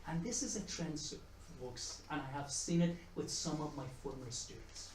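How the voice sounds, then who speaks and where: Middle-aged guy giving a talk, slightly high voice, heard from across an echoey room, chatty and repeats himself a lot. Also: moderate pace, a little mellow, far from the mic, slight background noise. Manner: chatty, repeats and restarts words, tells jokes. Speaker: economics professor giving a talk. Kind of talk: conference presentation. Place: conference room with audience. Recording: echoey room, mic from afar.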